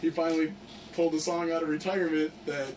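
A young man tells a story to his friends in a loose, excited, profane way, leaning on "like" constantly. His voice sits a little high for a man. He is picked up from a distance, with a faint hiss underneath. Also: quick pace. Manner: excited, profane, heavy use of "like". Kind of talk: casual storytelling among friends. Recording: distant mic with faint background noise.

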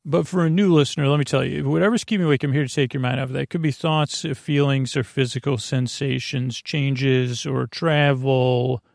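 A man hosting a sleep podcast, telling meandering, self-deprecating stories with many restarts and fillers in a creaky voice. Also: medium pitch, steady tone, fairly quick, hardly any pauses, darkish tone, no echo, clean studio sound. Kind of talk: rambling bedtime monologue.

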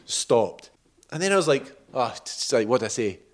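A man telling a cycling trip story in a casual, animated way, acting out quotes and laughing often. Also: mid-range voice, moderate pace. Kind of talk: casual storytelling over footage.

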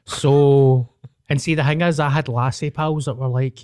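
A man's voice: medium pitch, steady tone, a little slow, a little mellow, no echo, studio quality. A man with a Scottish accent telling a story on a podcast in a blunt, sweary way. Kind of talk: casual chat.

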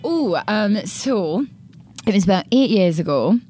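A woman's voice: medium pitch, expressive, unhurried, mellow, faint music behind. Chatty giggly Geordie woman. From North East England. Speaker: guest. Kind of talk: casual chat.

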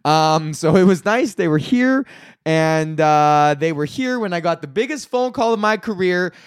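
Guy in his 30s ranting on his podcast, high voice, dry close mic. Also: measured pace, clear, resonant tone, no room sound. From Canada. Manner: profane, animated ranting with rhetorical questions. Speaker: comedian podcast host. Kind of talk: solo comedic rant.

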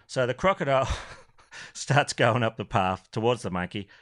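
A man's voice: mid-range voice, animated, normal speed, a bit bright. A man from Australia co-hosting a podcast over a video call, telling a joke in a rambling, stumbling way. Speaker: podcast co-host. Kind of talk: casual chat and joke telling.

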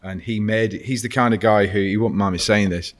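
A man's voice: lowish voice, steady tone, fairly quick. A middle-aged man in a casual chat, self-deprecating and rambling.

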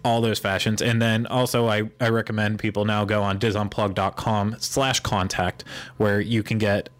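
A man's voice: on the low side, little pitch movement, moderate pace. A man co-hosting a podcast, rambling through casual chat with joking sarcasm. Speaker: podcast co-host.

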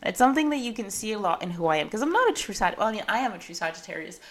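A woman's voice: mid-range voice, very animated, very fast, a bit bright. A young woman hosting her own podcast in casual solo chat, rambling and correcting herself with many fillers. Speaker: podcast host.

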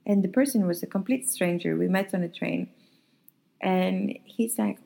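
A woman's voice: mid-range voice, normal speed, gravelly, mellow. A Swedish woman in her thirties, a podcast host musing in a casual, chatty way with lots of fillers. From Sweden.

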